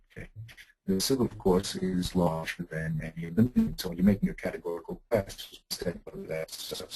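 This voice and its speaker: Gravelly deep-voiced man teaching a text. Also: a little mellow, a little hiss or hum, low-quality recording. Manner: halting, many restarts and fillers while explaining a text. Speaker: Talmud teacher. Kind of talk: classroom text lesson.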